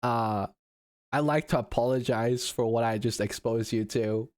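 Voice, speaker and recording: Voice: mid-range voice, a little slow, no room sound, clean studio sound. A VTuber streamer chatting casually on a live stream, laughing a lot and swearing often. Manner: giggly, swears often, reacts out loud.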